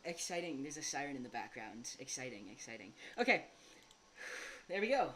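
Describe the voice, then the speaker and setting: A woman's voice: extremely low pitch, very animated, a little fast, a bit bright, a little hiss or hum. A young adult woman chatting casually as she comments on her gameplay, giggling often. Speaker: gaming streamer.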